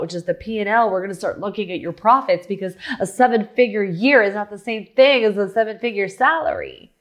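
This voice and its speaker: Woman, business coach, solo podcast monologue, animated, frequent restarts. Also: medium pitch. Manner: animated, acts out her own past questions; restarts and repeats words often.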